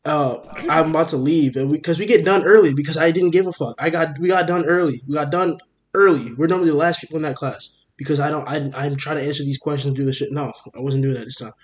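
A young man, a podcast co-host, telling a story in casual chat, animated and profane, acting out what everyone said. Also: a little high, muffled recording. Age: young adult. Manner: animated, profane, rapid retelling with quoted dialogue.

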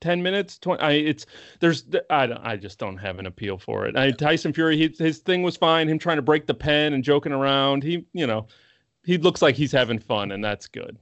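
A man co-hosting a casual wrestling podcast, retelling events with animated acted-out quotes. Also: a little high, fairly quick, dry recording, lo-fi sound. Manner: animated storytelling, acts out quotes. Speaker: podcast co-host. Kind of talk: casual chat.

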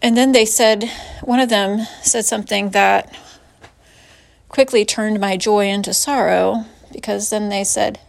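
A woman telling a personal story in a halting, reflective way, sighing and pausing with hesitant fillers. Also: medium pitch, steady tone, gravelly, no room sound.

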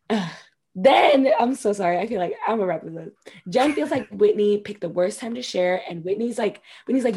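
A woman's voice: mid-range voice, lively intonation, normal speed, dark tone, slightly rough. A woman co-hosting a casual podcast, animatedly recapping a reality show, acting out quotes and swearing freely. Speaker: podcast co-host.

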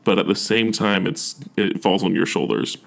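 Low gravelly man giving earnest advice. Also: fairly even intonation, normal speed. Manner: earnest, encouraging, with many fillers and restarts. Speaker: university admissions officer. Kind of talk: casual advice talk.

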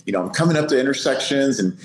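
Middle-aged sergeant telling a war story. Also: male voice, medium pitch, rapid-fire, reverberant, low-quality recording. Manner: lively, laughing anecdote teller. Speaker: police sergeant, podcast guest. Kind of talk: animated storytelling.

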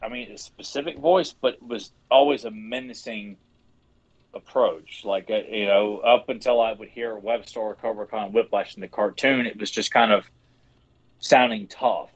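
A man co-hosting a podcast in casual chat, animated, swearing and restarting often. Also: fairly low pitch, moderate pace, dull audio. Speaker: podcast co-host.

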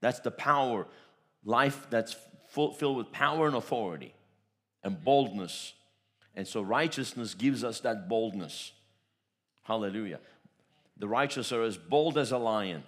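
A man with a fairly low voice delivers a sermon as pastor. He leans hard into bold declarations, then drops into quieter, confiding asides. He tells his stories in rolling, repetitive phrases. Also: expressive, a little slow. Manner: emphatic, swings between loud declarations and soft asides; storytelling with repeated phrases.

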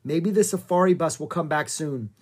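A reader voicing a brave, excitable young girl in a children's audiobook, with urgent, high-pitched cries. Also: normal speed, husky, close to an everyday voice. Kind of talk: audiobook character voice.

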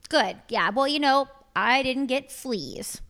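A woman's voice: high-pitched, lively intonation, slow pace, a bit bright. A woman in her thirties co-hosting a podcast in casual chat, wry and profane, with a lot of "like" fillers. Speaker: podcast co-host.

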